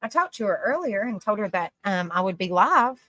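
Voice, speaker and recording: Bright-voiced woman hosting a chatty livestream. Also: medium pitch, very animated, fairly quick, no room sound. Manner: laughs often, rambling with frequent restarts; affectionate, calls people honey and sweetie. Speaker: live stream host. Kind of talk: casual live-stream chat, reading comments aloud.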